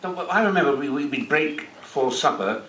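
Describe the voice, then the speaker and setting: Older man with a lively, higher voice. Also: fairly quick. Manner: lively, jokey reminiscing. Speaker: guest actor. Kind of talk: live stage Q&A reminiscing. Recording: echoey hall with background noise.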